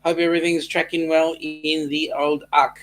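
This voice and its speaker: A man's voice: fairly high pitch, little pitch movement, normal speed. An Australian man co-hosting a casual live stream, greeting viewers by name and joking as he reads their comments. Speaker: livestream co-host.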